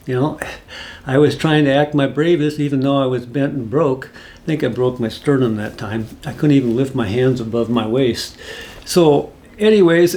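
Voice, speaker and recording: A man's voice: on the high side, darkish tone. A man casually telling a rambling, folksy personal story, full of asides. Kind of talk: casual spoken anecdote.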